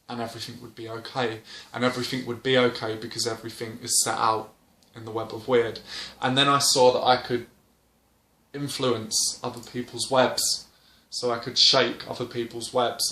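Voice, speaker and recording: A man's voice: mid-range voice, bright, forceful tone. A young man telling a story to camera, rambling with lots of fillers and restarts. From Britain. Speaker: vlogger. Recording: roomy indoor echo.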